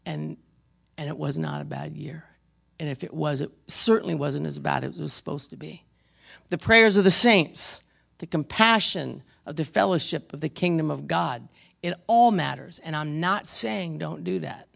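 A pastor preaching a sermon, shifting between emphatic exhortation and quiet storytelling, speaking to the congregation by name. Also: medium pitch, moderate pace, vocal fry. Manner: addresses congregation members by name, with wry asides.

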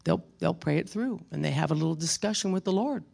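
A pastor preaching a sermon, shifting between emphatic exhortation and quiet storytelling, speaking to the congregation by name. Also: mid-range voice, fast, vocal fry. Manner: addresses congregation members by name, with wry asides.

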